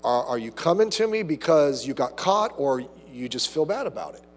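A man preaching a sermon as pastor, animated, acting out little asides and quotes. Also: fairly high pitch, moderate pace, in a large hall.

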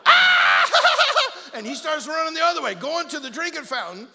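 A male pastor preaching a comic, story-filled sermon to his church, energetic and jokey, repeating himself and acting out voices. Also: very high-pitched, quick pace, creaky, shouting, big-room sound, heavy background noise. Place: church sanctuary.

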